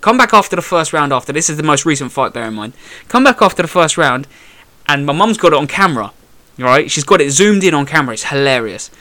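A young man who boxes recounts a fight in casual conversation, his voice a little high and his pace quick. He's an animated storyteller who acts out what people said and swears a lot.

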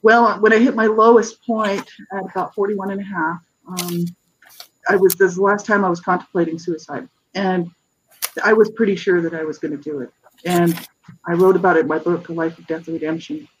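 A middle-aged guest author giving a personal testimony in an interview, earnest and halting, with many restarts. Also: mid-range voice, fairly even intonation, muffled recording, a little hiss or hum.

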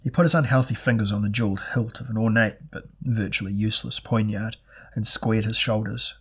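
A man narrating a fantasy audiobook in a measured, deliberate reading. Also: on the low side, fairly even intonation, husky.

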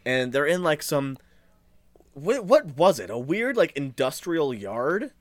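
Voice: mid-range voice, very animated, a little slow, dry recording. A podcast co-host in casual chat who recalls plot details hesitantly, often stopping to search for them.

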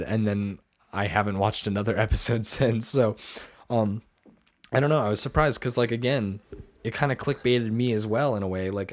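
Low-voiced young man, rambling. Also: no echo, studio quality. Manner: rambling, lots of fillers. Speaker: podcast host. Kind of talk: casual chat.

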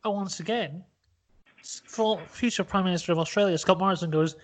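A man hosts a podcast and spins an absurd story with rambling energy. His telling is animated and profane, full of asides. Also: high-pitched, fairly quick. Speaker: podcast host. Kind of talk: comic storytelling.

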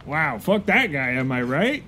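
A man's voice: a little high, sing-song, a little slow, bright, forceful tone, a little hiss or hum. A man improvising a pirate crewman in a comedy scene, with playful, jokey banter. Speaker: podcast co-host.

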